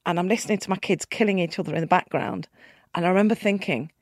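A middle-aged woman, a guest, telling her life story candidly and emphatically, swinging between quiet and loud. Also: fairly low pitch, quick pace, dry recording, clean studio sound. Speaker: guest, keynote speaker. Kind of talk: candid personal storytelling in conversation.

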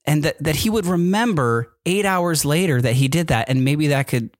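A man's voice: a little high, expressive, moderate pace, no room sound, studio quality. A man hosting a podcast, telling a personal story in a rambling, casual way with many fillers and restarts. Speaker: podcast host. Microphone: microphone with camera.

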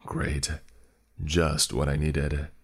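A man with an extremely deep voice narrates a first-person horror tale. He takes his time, leaning into dry, sarcastic asides. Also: completely flat delivery, extremely slow, soft background music. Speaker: storyteller.

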